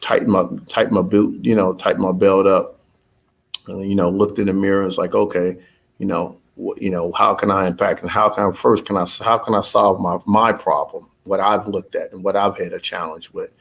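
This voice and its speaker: A man's voice: deep voice, level tone, brisk, creaky. A man, likely in his thirties, giving a rambling, motivational update to his followers about his business, with many fillers and restarts. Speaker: business owner addressing followers. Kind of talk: casual spoken update.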